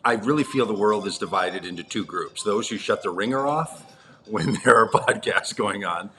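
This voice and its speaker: A man's voice: lowish voice, moderate pace, a bit bright, slight background noise. A man co-hosting a live-streamed podcast, joking and teasing through casual banter from a rented apartment. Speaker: podcast co-host. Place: rented apartment unit indoors.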